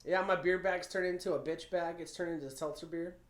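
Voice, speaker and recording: A man's voice: on the high side, fairly even intonation, brisk, echoey room. A man co-hosting a podcast, chatting casually, laughing often and swearing freely. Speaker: podcast co-host. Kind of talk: casual chat.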